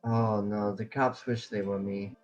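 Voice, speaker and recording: A man's voice: on the low side, level tone, a little slow, a little mellow, muffled recording, soft background music, close to an everyday voice. A man voicing a cocky male rogue adventurer with a smug, breezy swagger.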